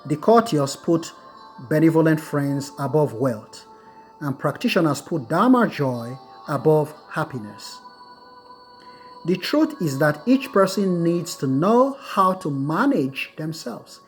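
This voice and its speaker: A middle-aged man giving a recorded lecture on Buddhist wisdom, repeating key phrases slowly so students can write them down. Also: on the high side, very animated, soft background music.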